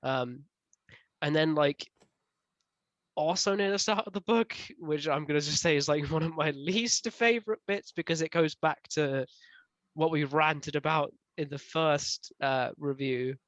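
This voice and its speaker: A man co-hosting a casual book club review, talking in an animated way with frequent laughs. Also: fairly high pitch, unhurried, dry recording, dull audio. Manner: animated, laughs often, rises loud when ranting.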